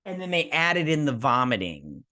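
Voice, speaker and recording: A man giving a casual, rambling recap of a TV episode, excitable and full of "like" fillers. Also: mid-range voice, moderate pace, no echo, studio quality. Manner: rambling, excitable, heavy use of "like". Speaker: show recap vlogger.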